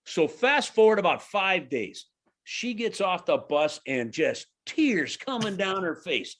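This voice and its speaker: Man, 40s, hockey broadcaster, podcast guest, lively swooping pitch, halting storyteller. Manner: animated storyteller, halting restarts. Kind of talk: casual podcast chat, anecdote telling.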